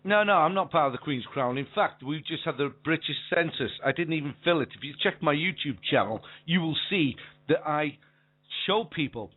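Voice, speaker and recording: A man's voice: fairly high pitch, expressive, a little fast. A Welsh man calling in to a radio show, indignant and tripping over his words. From Wales. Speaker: caller. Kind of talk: call-in radio talk. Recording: tinny phone line.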